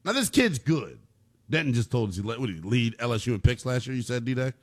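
A young man hosting a sports talk radio show, playful and animated, often laughing. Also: mid-range voice, fast talker. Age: young adult.

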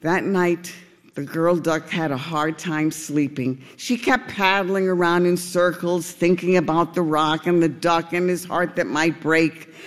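Slow, high-voiced male storyteller. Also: flat delivery, in a large hall. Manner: gentle, unhurried storytelling. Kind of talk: storybook narration.

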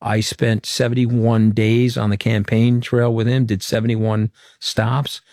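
A man's voice: lowish voice, level tone, a little slow, darkish tone, no echo, studio quality. A middle-aged man from Long Island, New York, speaking as an interview guest and telling candid, anecdotal stories in a frank, emphatic way. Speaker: interview guest, former political communications director.

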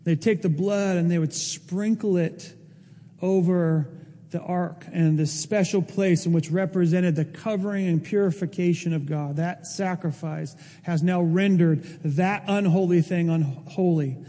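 A man's voice: high-pitched, fairly even intonation, a little slow, warm tone, in a large hall. A man, a pastor, delivering an emphatic, emotional sermon. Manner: emotional, emphatic preaching with rising intensity.

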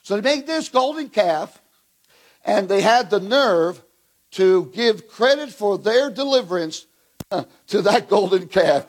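A man preaching a fiery revival sermon at a conference, calling out to the crowd and shouting at his peaks. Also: high-pitched, expressive, measured pace. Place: conference hall.

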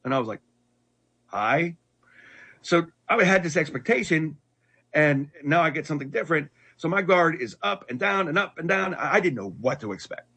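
A middle-aged man earnestly telling his life story in conversation, halting and restarting often. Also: on the high side, animated, pushed and bright, slightly rough. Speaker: guest telling his testimony.

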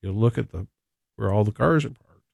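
A man's voice: fairly low pitch, fairly quick, gravelly, no room sound. Man, radio co-host, casual banter, dry close mic. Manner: easygoing, chatty, reads news items with asides.

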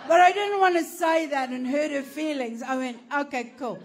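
A woman tells a stand-up story in a brash, profane way, laughing as she lands each joke. Her voice sits slightly high, and faint background noise lies under it. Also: moderate pace. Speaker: comedian.

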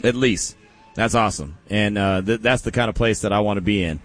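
Animated, joking sports radio host man. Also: fairly low pitch, fairly quick, soft background music. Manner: animated, joking, breaks into laughter. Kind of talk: casual sports talk.

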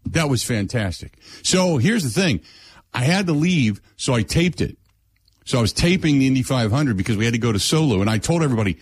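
Host in his middle years, animated storyteller, close dry mic. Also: medium pitch, fairly quick, husky, no echo. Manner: animated storyteller, acts out his own lines. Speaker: radio show host. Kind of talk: casual chat.

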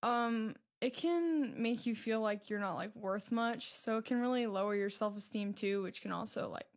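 A teenage girl living in a youth program, answering interview questions softly and hesitantly with many fillers. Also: fairly high pitch, moderate pace. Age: teens. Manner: soft-spoken, hesitant, many "um" and "like". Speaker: program resident.

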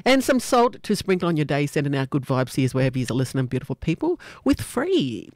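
A woman with an Australian accent hosting a live breakfast radio show, chatty and upbeat and quick to laugh, speaking into a studio microphone. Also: low voice, big pitch swings, a little mellow, no room sound.

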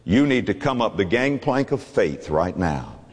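A man preaching a sermon with impassioned, pleading delivery that swings from loud to hushed. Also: on the low side, big pitch swings, a little slow, husky, long reverb tail.

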